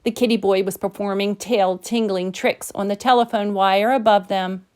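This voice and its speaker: A woman narrating a rhyming children's picture book in a gentle, rhythmic storytelling manner. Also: medium pitch, steady tone, normal speed, clear, resonant tone. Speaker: storybook reader. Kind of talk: scripted narration.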